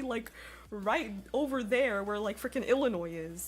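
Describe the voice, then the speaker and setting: A young woman with an American accent, chatting with her live-stream audience while she draws, bubbly and quick to laugh. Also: fairly high pitch, breathy edge, soft background music. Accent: General American. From Sweden. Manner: bubbly, giggly, reads chat aloud. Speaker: artist streamer.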